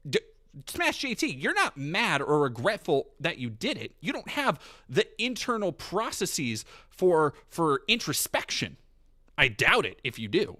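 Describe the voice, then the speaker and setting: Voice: medium pitch, huge pitch swings, sharp tone. A streamer ranting heatedly and profanely on their stream. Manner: profane, heated, fast rant. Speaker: commentary streamer.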